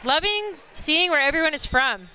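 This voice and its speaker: A woman calling live play-by-play, excitable, chatting to online viewers and laughing at big plays. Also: high voice, moderate pace. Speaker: play-by-play commentator. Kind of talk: live sports commentary.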